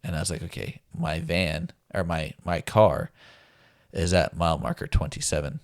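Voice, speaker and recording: Deep-voiced man telling a laid-back story. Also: big pitch swings, normal speed, vocal fry, dry recording, studio quality. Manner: laid-back, laughs often, acts out quotes. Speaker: guest telling a survival story. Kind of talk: casual storytelling.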